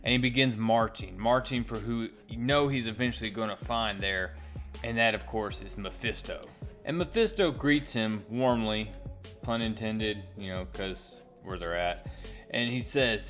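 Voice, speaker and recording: A man's voice: on the low side, moderate pace, a bit bright, soft background music. A man casually recapping a comic book's plot in a chatty, storytelling way, as a reviewer.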